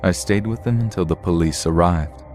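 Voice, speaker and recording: A man with a very low, dark voice reads scary stories aloud in a steady, measured way. A faint music bed plays softly behind his narration. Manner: steady, measured storytelling read. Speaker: narrator reading horror stories. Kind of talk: scripted horror story narration.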